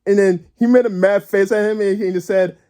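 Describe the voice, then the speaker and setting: A man's voice: high-pitched, steady tone, brisk, warm tone, clear, resonant tone. A man telling a story to his viewers in a casual vlog, stammering, repeating words and giggling all the way through. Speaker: gaming vlogger.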